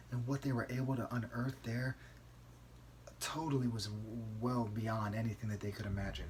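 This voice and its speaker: A man hosting a solo podcast, telling a story in a conversational, emphatic way and often tagging a quick "right?" onto his sentences. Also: medium pitch, little pitch movement, a little mellow, a little hiss or hum. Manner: conversational, keeps asking "right?"; emphatic, outraged. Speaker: podcast host.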